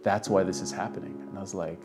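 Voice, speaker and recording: A young Canadian man, a guest, casually tells a personal story and acts out the voices of the people he quotes. His voice is deep and fairly even in intonation, moving at a quick pace over music.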